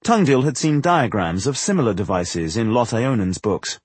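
A man reading a fantasy novel aloud as narrator, in a measured, expressive storytelling manner. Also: mid-range voice, husky, no echo. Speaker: audiobook narrator. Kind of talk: scripted narration.

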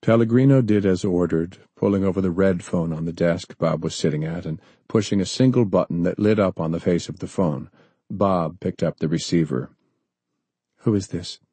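A man narrating a story in a measured, steady way. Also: deep voice, husky, dry recording. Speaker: audiobook narrator. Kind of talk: scripted narration.

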